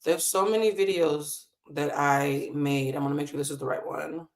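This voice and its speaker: A woman with a deep voice hosts a live stream from a hotel room on a desk mic. Speaking at a moderate pace, she's casual, impassioned and emotional, swearing freely.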